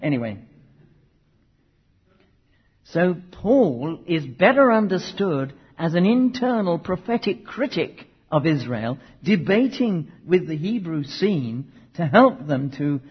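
A man's voice: on the high side, very animated, takes it slowly, hardly any pauses, husky. A man preaching a teaching sermon, emphatic and conversational, with asides to his listeners. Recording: muffled hall recording with long reverb.

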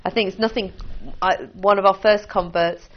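Speaking at a normal speed with fairly even intonation, a woman at medium pitch leads an informal teaching session for a small group as a church leader. She keeps it conversational, restarting frequently and laughing lightly, captured on lo-fi sound.

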